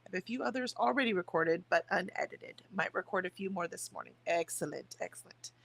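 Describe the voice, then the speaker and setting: Woman host, mid pitch, gravelly, rough first-thing voice; loose, chatty stream talk with comments read aloud. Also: fast, fairly bright tone. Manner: chatty, reads viewer comments aloud with small laughs. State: voice rough in the morning. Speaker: streamer hosting writing sprints. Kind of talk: casual livestream chat, reading chat aloud.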